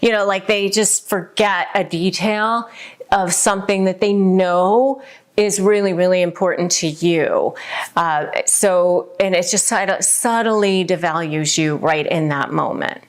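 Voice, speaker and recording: A woman's voice: on the low side, a little slow. A woman hosting a casual advice video who talks to camera in a conversational way, with many fillers. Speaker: host giving relationship advice.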